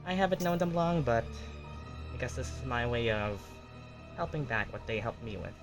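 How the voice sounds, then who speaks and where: A man playing a tabletop game, giving a heartfelt in-character speech with halting pauses. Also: medium pitch, over music. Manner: earnest, halting.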